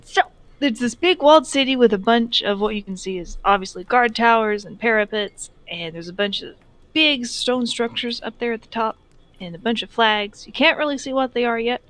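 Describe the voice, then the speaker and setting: A woman's voice: a little high, normal speed, fairly bright tone, dry recording, low-quality recording. A woman narrating a tabletop game as game master, setting the scene in a rambling, descriptive way over a headset. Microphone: push-to-talk headset.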